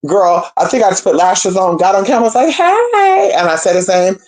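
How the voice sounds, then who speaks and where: A young woman telling a story to her viewers in a casual, profane, animated way, calling them y'all and girl. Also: fairly low pitch, quick pace. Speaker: spiritual practitioner.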